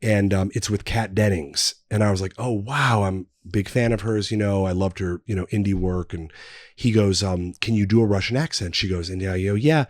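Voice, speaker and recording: A man's voice: lowish voice, fairly even intonation, normal speed, dry recording, clean studio sound. A man in his thirties, a podcast guest, telling long anecdotes in casual chat, full of fillers and restarts. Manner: rambling anecdotes with many fillers. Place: podcast studio.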